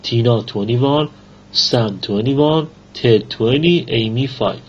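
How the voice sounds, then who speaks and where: A man teaching an English grammar lesson, reading rules and examples aloud slowly with pauses and fillers. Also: mid-range voice, breathy edge. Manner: slow, halting reading with fillers. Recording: dull lo-fi recording.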